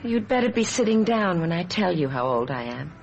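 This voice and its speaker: A woman's voice: lowish voice, very animated, brisk, lo-fi sound, heavy background noise. An actress playing a haunted, ageless young woman in a vintage radio drama, speaking earnestly and pleadingly.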